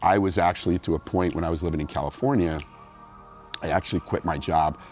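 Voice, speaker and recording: Deep-voiced man telling stories. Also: quick pace, faint music behind. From New Jersey, USA. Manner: animated, acts out quoted voices. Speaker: guest bodybuilder. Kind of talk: casual storytelling interview.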